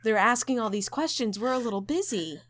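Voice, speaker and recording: A young woman co-hosting a casual podcast, telling a story with a voice that sits slightly high. She acts out the quotes, her pitch leaping and falling widely. Her talk stays loose and chatty. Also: fairly quick. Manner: animated, acts out quotes with loud jumps in pitch. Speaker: podcast co-host.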